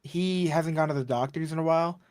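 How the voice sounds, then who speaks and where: A man with a fairly high voice talking fast and slangy on a podcast, laughing often. The sound is dry and close. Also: darkish tone, no room sound. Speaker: podcast co-host. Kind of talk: casual chat.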